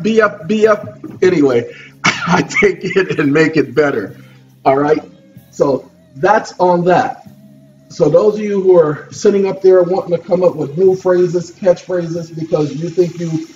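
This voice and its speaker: Man, high voice, lecturing vlogger, repetitive and preachy, dull distant mic. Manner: repetitive, lecturing, asks "okay?" often. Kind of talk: preachy monologue to camera. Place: at a computer desk.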